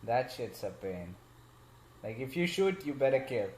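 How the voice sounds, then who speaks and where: A man's voice: medium pitch, big pitch swings, a little slow, darkish tone, roomy sound, slight background noise. A man co-hosting a casual podcast, ranting crudely and swearing heavily as he jokes. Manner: crude, profane, mock-angry rants. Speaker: podcast co-host. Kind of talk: casual chat.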